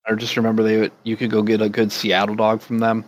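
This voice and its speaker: A man's voice: on the low side, monotone, fast, dry recording, poor audio. A man in casual chat as a podcast co-host, rambling and laid-back, cursing freely as he reminisces.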